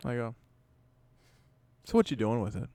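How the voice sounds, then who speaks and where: Rambling dad telling a story. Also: male voice, mid-range voice, sing-song, normal speed, mellow, no room sound. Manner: rambling anecdotes with acted-out dialogue, swears freely. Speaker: podcast co-host. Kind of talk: casual storytelling chat.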